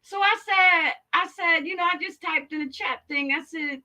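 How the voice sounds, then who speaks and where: A woman with a Texan accent hosting a live stream in casual chat, telling a story in an animated and profane way. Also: extremely high pitch, moderate pace, poor audio.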